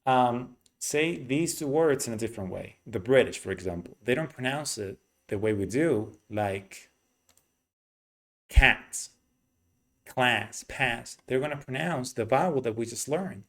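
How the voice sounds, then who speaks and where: Man, pronunciation teacher, middle pitch, patient explanations, repeats vowel sounds to demonstrate. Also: animated, normal speed, few pauses, darkish tone.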